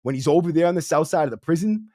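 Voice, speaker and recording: A man's voice: fairly high pitch, animated, very fast, mellow, no room sound, studio quality. A young man hosting a podcast, telling a story in a casual, streetwise, profane way, full of "bro". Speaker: podcast host. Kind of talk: casual storytelling to a livestream audience.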